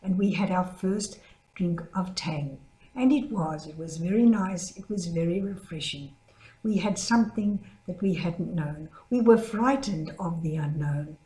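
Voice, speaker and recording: An older woman, a religious sister, giving a gentle spoken reflection built around a story, lifting her voice to act out the people she quotes. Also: measured pace. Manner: storytelling, acts out quoted voices with higher pitch. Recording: echoey room.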